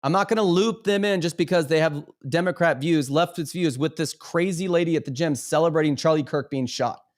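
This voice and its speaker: A man's voice: fairly high pitch, brisk. A man hosting a live stream, talking emphatically and stumbling over repeated words. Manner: emphatic, stammering repetitions. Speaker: livestream host. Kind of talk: impassioned live commentary.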